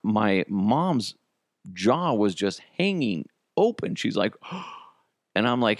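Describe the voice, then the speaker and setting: A man's voice: low voice, unhurried, no echo, studio quality. A man hosting a podcast and telling stories in a casual, joking, self-deprecating way. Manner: animated, jokey, self-deprecating. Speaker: podcast host. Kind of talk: casual storytelling monologue.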